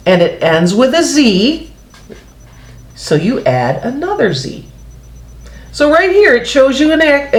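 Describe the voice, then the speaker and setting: In a roomy-sounding recording, a woman with a medium-pitched voice leads young children through an early-grade phonics lesson. She's patient and sing-song, holding up pages as she explains.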